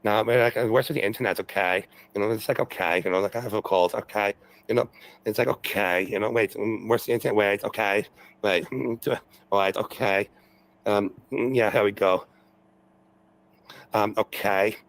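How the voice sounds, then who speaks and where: A man's voice: fairly low pitch, fairly even intonation, moderate pace, vocal fry, low-quality recording. A man ranting on a livestream, profane and repetitive, with many fillers and constant "okay"s. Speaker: streamer in a replayed stream clip. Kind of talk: rambling livestream rant.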